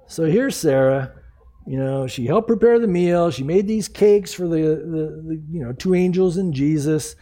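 A man's voice: a little high, measured pace, dark tone. A man in his sixties preaching a sermon in a conversational, jokey way, acting out the people he quotes. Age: 60s. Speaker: pastor.

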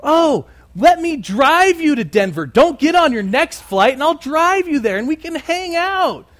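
A woman's voice: sits high, big pitch swings, unhurried, pitched above the performer's own voice. A man voicing a cheery, pushy woman in her fifties on a plane, sing-song and sweet. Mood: coaxing. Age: 50s. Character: cheery pushy middle-aged woman seatmate.

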